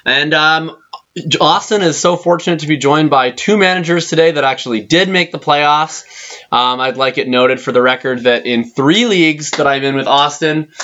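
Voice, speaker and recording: A man's voice: fairly high pitch, normal speed, sharp tone. A young man co-hosting a podcast, teasing his friend in a mock-serious way. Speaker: podcast co-host. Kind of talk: casual chat. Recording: dull lo-fi recording.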